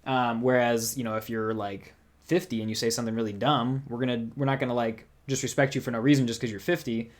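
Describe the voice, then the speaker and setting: A young man hosts a casual livestream, talking in a loose, rambling way with a voice of ordinary middle pitch. He keeps the chat going and reads out viewers' comments as he goes. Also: fairly even intonation, fast talker. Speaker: music channel host.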